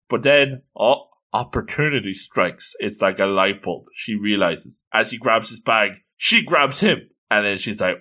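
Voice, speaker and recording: A man casually recapping a manga chapter, animated and full of exclamations. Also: medium pitch, measured pace. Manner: animated, excitable, exclaims often. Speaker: manga reviewer.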